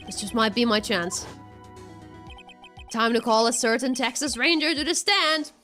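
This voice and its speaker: Woman doing a keen young defense attorney, lively voice, faint music behind. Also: a little high, unhurried. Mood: earnest.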